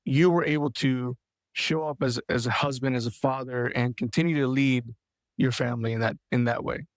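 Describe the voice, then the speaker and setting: A man's voice: mid-range voice, fairly even intonation, normal speed, no room sound. A man hosting an interview podcast, asking thoughtful questions and affirming his guest. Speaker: podcast host.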